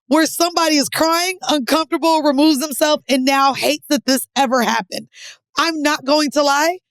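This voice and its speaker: Brief: woman podcast co-host, high voice, blunt and opinionated, dry close mic. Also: moderate pace, fairly bright tone, dry recording. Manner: blunt, cuts in with strong opinions. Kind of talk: casual chat.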